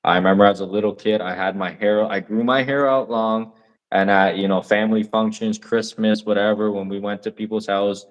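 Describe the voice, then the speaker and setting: A young man co-hosting a podcast chats casually, eager and rambling with plenty of fillers. His voice sits on the low side, delivered flat and briskly.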